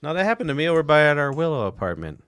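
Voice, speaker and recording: A man's voice: a little high, sing-song, very fast, a bit bright, clean tone, no room sound, studio quality. Crude teasing man on a podcast. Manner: crude, teasing, laughs a lot. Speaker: podcast co-host. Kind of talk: casual banter.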